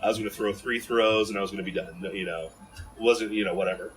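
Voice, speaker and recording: A man from Ohio telling stories as a podcast guest in an animated, rambling way full of fillers and restarts. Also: fairly low pitch, fast talker, rough recording. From Ohio, USA. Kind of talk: casual storytelling in an interview.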